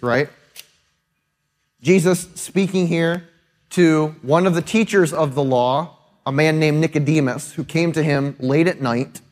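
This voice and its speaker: A male pastor preaching a sermon in a conversational, emphatic way, often checking in with his listeners. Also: fairly high pitch. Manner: conversational and emphatic, often adding tag questions.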